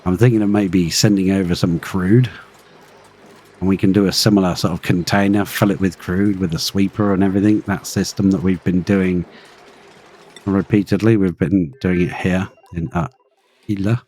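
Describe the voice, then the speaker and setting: Here the same kind of colony-game streamer speaks in a low, husky, dark voice with a steady tone at a moderate pace. He chats through live gameplay, musing aloud and addressing the creatures on screen.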